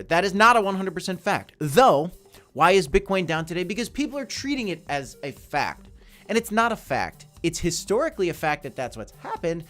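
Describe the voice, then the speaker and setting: A man hosting a casual crypto market livestream, talking energetically and hammering his points with repetition. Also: sits high. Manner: energetic, emphatic, repeats points.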